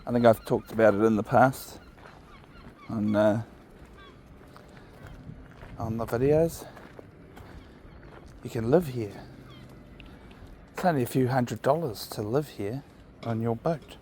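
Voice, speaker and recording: A relaxed man, chatting on an evening dog walk, speaking slowly and unhurriedly. His voice is picked up by a handheld camera outdoors, with a faint wash of wind and background noise. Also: medium pitch. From New Zealand. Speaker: dog-walking vlogger. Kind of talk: casual outdoor vlog chat.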